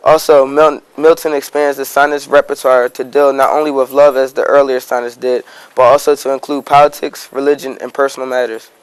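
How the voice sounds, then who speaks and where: A man giving a steady classroom-style explanation. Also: medium pitch, a little fast, clean tone, no room sound, low-quality recording.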